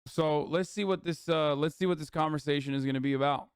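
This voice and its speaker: A man's voice: on the high side, fast talker, clear, resonant tone, dry recording, clean studio sound. A man hosting a livestream in casual chat, ranting, mocking and swearing freely. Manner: reads viewer messages aloud. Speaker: streamer host.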